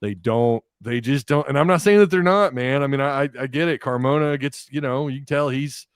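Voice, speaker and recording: A man hosting a casual sports talk show, animated and quick to laugh. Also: mid-range voice, clear, resonant tone, no echo, studio quality. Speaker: podcast host.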